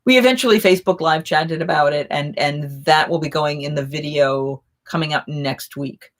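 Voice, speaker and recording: Brief: chatty woman host, lower pitch, animated rambling storyteller. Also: normal speed. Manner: rambling, animated anecdote telling. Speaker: live chat host. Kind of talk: casual storytelling chat.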